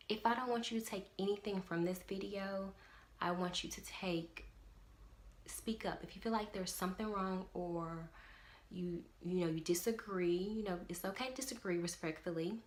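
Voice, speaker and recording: A woman's voice: on the low side, fairly bright tone. A young woman talking casually to camera as a parent vlogger, earnest and emphatic. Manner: earnest, emphatic, repeats "definitely".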